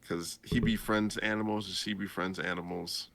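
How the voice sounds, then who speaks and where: A man hosting a podcast, retelling a story in a casual, animated and jokey way. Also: low-pitched, moderate pace, gravelly. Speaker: podcast host.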